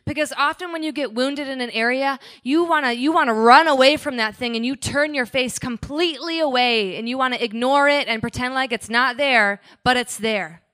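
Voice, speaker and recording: A woman's voice: sits high, normal speed, hardly any pauses, fairly bright tone. A woman pastor giving a conversational sermon, breaking into little acted-out quotes and asides as she preaches.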